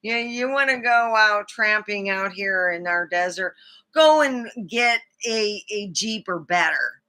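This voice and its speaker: A woman hosting her own live stream from a small studio, swapping stories in a loose, chatty way. She talks bluntly and curses freely, with an animated delivery. Her voice has a bright, sharp edge. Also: mid-range voice, a little slow. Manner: salty, blunt, profane, animated. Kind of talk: casual storytelling monologue.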